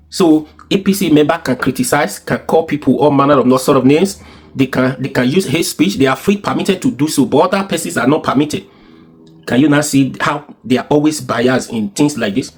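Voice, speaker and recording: Man, Nigerian accent, husky, fairly high, insistent, repetitive, rhetorical. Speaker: commentator. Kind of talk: opinionated political commentary.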